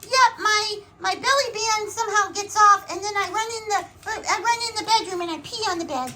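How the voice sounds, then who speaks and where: Woman voicing a squeaky cheeky little dog. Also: normal speed, bright, forceful tone, a little hiss or hum. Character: cheeky five-year-old male dog.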